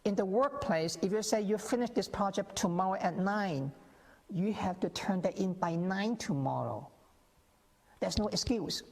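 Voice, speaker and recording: A man's voice: high voice, normal speed. Earnest guy explaining stuff on a tv show, lots of restarts, reverby studio sound. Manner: earnest, repetitive, frequent restarts and stammered words. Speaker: interview guest, author. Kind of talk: TV interview, explaining at length.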